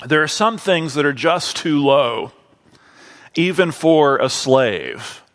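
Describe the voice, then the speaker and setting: A man preaching a sermon to his congregation, drawing out key phrases slowly and deliberately. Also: on the high side, animated, fairly bright tone, big-room sound.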